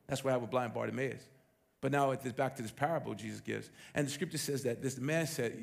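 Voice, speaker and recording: A man preaching a sermon as pastor, emphatic and animated, with rhetorical questions. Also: mid-range voice, fast, gravelly.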